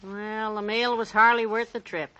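An actress playing a cheerful, gently teasing housewife in 1940s radio comedy. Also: female voice, medium pitch, little pitch movement, moderate pace, muffled recording, natural voice. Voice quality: warm-humored, gently teasing.

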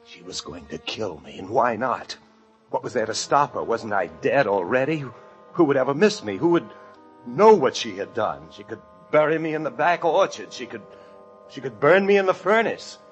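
A man's voice: lowish voice, lively intonation, moderate pace, fairly bright tone. An actor playing a frightened fugitive hiding in an attic, narrating his story in tense, breathless 1940s radio drama style. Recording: muffled old radio recording with music.

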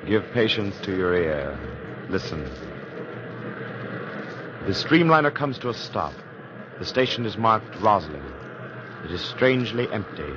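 A man narrating an old radio drama in a measured, dramatic voice, on a dull, hissy old recording. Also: on the low side. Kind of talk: scripted narration.

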